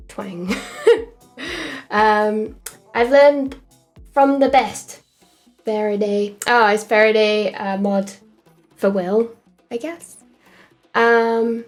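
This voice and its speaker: A woman with an English accent mixing Essex and Midlands, chatting casually on a livestream while she works on animation, relaxed and hesitant with lots of ums. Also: medium pitch, slow, long pauses, faint music behind. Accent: English, a mix of Essex and Midlands. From England. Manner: relaxed and hesitant, with frequent ums and trailing phrases. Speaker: animator streaming her work.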